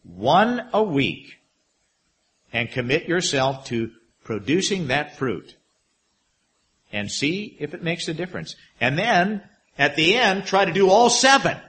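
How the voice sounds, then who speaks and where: A middle-aged man preaching to his congregation with a very lively, rising and falling pitch. He draws key words out slowly and sinks his voice low and quiet for wry asides. His tone is expressive, with an unhurried pastor's delivery. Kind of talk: sermon.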